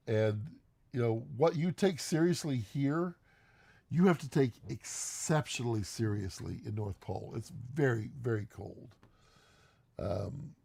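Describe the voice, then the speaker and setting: A man's voice: medium pitch, gravelly, mellow, husky. A man hosting a casual live stream from home, reading viewer comments aloud and teasing them with frequent laughs. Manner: rambling, teasing, laughs often.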